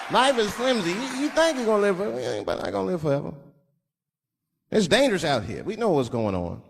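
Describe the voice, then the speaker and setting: A male comedian tells stories in a loose, profane style. His voice runs high and swings widely in pitch. He is heard on a live stage with long reverb and an audience. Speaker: stand-up comedian. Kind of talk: stand-up comedy.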